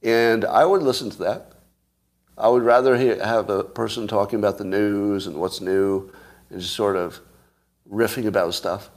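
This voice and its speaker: A man with a fairly low voice chats casually as a show host. He rambles from one idea to the next and throws in jokes. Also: steady tone, moderate pace. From California. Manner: rambling, musing, joking. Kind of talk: casual chat with listeners.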